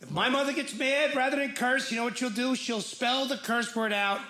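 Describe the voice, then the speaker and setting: A man doing a self-deprecating stand-up set, jumping from stammering bits to shouted punchlines. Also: very high-pitched, moderate pace, roomy sound, a little hiss or hum. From Irish-American from New Jersey. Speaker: stand-up comedian. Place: comedy club stage with live audience.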